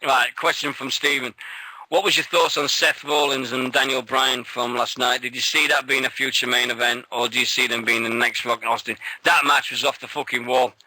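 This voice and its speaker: A man's voice: medium pitch, level tone, fairly quick, pushed and bright, poor audio. A man with an English accent hosting a casual wrestling radio show, blunt and full of swearing. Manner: blunt and sweary, laughs often. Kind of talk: casual chat.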